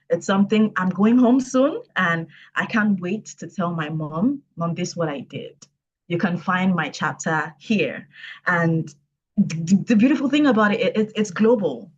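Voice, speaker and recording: A woman in her twenties, a book co-author, speaking upbeat and a little hesitant with many ums. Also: fairly low pitch. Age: 20s. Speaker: co-author, administrative assistant. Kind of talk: casual speech. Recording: dull lo-fi sound.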